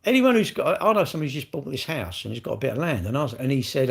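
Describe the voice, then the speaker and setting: Husky rambling British man. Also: medium pitch, big pitch swings, very fast. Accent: British English. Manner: rambling, chatty, answers viewer questions aloud. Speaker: livestream host answering chat. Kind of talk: casual chat.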